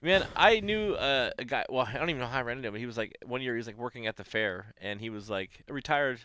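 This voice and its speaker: Bright, excitable storytelling man. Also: mid-range voice, fast, slight background noise. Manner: animated storyteller, swears often, laughs a lot. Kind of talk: casual profane chat.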